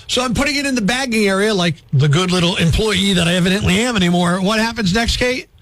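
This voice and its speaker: A man with a notably high speaking voice hosting a morning radio show. He rants with comic exasperation and throws in sarcastic asides, speaking into a studio mic. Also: fast, fairly bright tone. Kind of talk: comedic radio talk and rant.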